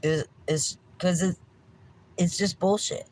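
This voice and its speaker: A woman's voice: lowish voice, steady tone, slow pace, a little mellow, poor audio. A middle-aged woman, hosting a livestream with a meandering rant, swearing freely and apologizing often. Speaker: livestream host.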